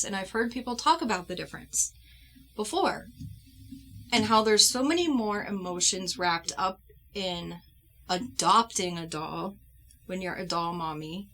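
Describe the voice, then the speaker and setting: A woman doll-collector vlogger telling a personal story at home in an earnest, heartfelt way, pausing and restarting as she goes. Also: on the low side, fairly bright tone.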